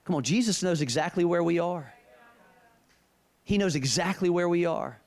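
A man's voice: high-pitched, moderate pace, a little mellow. A middle-aged man preaching a sermon, telling personal stories with emphasis and repeating key phrases.

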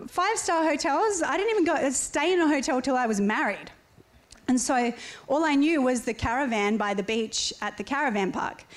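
A woman from Australia, telling stories in casual chat and often laughing as she talks. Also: on the high side. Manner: animated storyteller, laughs often, acts out voices.

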